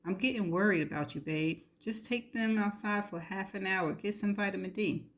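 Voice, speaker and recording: A woman voicing a gentle, caring husband in a spoken storybook reading, close to her own voice. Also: mid-range voice, normal speed, natural voice. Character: gentle worried husband, adult man.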